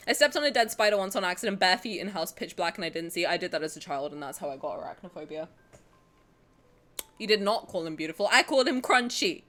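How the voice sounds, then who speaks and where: A woman's voice: mid-range voice, lively intonation, moderate pace, a bit bright. A young woman streaming from home, bantering with her chat, swearing freely and breaking into laughter. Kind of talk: casual live-stream chat.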